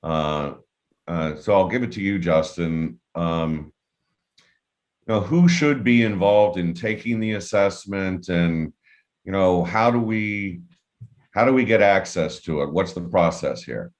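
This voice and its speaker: Very deep-voiced male webinar moderator. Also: expressive, unhurried. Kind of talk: webinar panel discussion.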